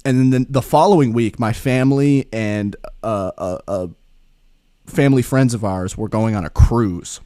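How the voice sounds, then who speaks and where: A man hosting a podcast, telling a casual story in an animated, laughing and profane way. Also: medium pitch, normal speed, no echo, clean studio sound. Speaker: podcast host.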